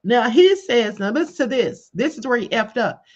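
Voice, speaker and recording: A woman hosting a casual commentary livestream, talking to her chat in an animated way and calling viewers beloveds and honey. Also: on the high side, moderate pace. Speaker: livestream host. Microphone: computer or headset mic on live stream. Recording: dull lo-fi stream audio.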